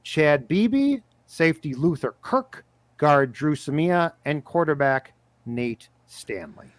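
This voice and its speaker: Male podcast co-host, brisk news reader, slightly high voice, dry booth. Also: very animated, dry recording. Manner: brisk, reads lists of names in quick bursts. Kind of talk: casual sports talk, reading roster news.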